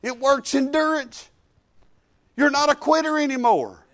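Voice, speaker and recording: A woman's voice: high voice, unhurried. A woman pastor, preaching a folksy, emphatic sermon full of hallelujahs.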